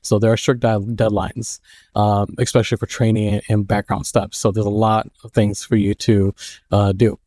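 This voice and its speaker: A man in his thirties with a dark, low voice gives casual advice, rambling and halting as he goes. The sound is dry and close. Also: little pitch movement, no room sound. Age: 30s. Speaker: mail carrier and vlogger.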